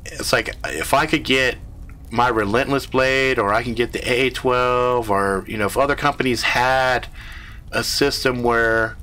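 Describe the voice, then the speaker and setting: A man's voice: medium pitch, a little slow, bright, forceful tone. A man hosting a live stream, telling a rambling, profane story in casual chat.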